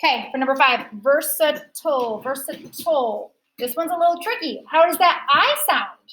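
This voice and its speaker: A woman teaching a phonics lesson to a class, sounding out word parts slowly and carefully. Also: high voice, lively intonation, sharp tone, slight background noise, poor audio.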